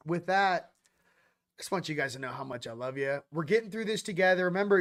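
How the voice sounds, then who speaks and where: A man hosting a casual live stream, chatting loosely and reading out viewer shout-outs with upbeat energy. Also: a little high. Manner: loose and rambling, with fillers.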